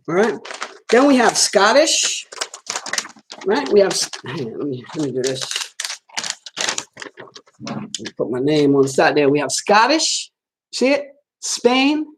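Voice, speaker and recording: A man's voice: high voice, slightly rough. A man hosting a livestream and answering viewer comments, swearing a lot and talking straight to his audience in a boastful, streetwise way. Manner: talks straight at viewers, often asking if they follow. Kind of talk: casual livestream chat.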